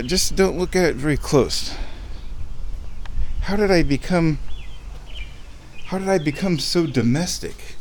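Slow-talking man rambling outdoors. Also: mid-range voice, darkish tone, slight background noise. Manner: rambling, chatty, talks baby-talk to chickens. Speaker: vlogger. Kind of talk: casual walk-and-talk vlog. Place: outdoors in a backyard chicken run.

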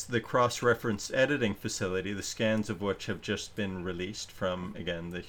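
Low-voiced man hosting a rambling chat. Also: fairly bright tone. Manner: rambling and self-interrupting, reads chat comments aloud. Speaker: show host. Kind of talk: casual live-stream chat.

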